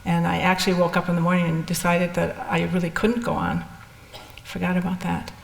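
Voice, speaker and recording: A woman's voice: fairly low pitch, little pitch movement, a little fast, vocal fry. An older woman telling her personal story in a candid, rambling way, with restarts and asides. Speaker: speaker sharing experiences. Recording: echoey hall with long reverb.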